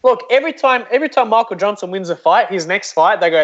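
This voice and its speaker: A man with a high voice co-hosts a casual fan podcast. He lays out bold predictions with emphasis and plenty of swearing. The recording sounds dull and lo-fi. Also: expressive, quick pace, fairly bright tone. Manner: spins out confident predictions, emphatic and profane. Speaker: podcast co-host. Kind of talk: casual chat.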